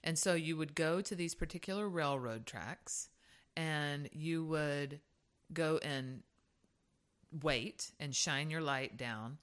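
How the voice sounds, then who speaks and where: Low-pitched Southern woman, co-host, lively profane storyteller. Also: takes it slowly. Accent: Southern American. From southern Georgia, US. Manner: animated storytelling, swearing, laughing often. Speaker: podcast co-host. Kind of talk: casual chat.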